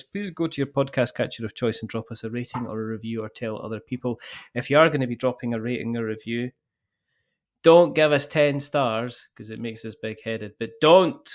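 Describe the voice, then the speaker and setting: A man hosting a podcast, signing off in a casual, jokey way, teasing his guests and chuckling often. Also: mid-range voice. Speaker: podcast host.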